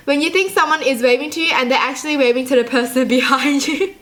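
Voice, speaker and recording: A woman hosting a casual reaction vlog, chatty and self-mocking, with quick asides to her viewers. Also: sits high, fairly bright tone. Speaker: YouTube host.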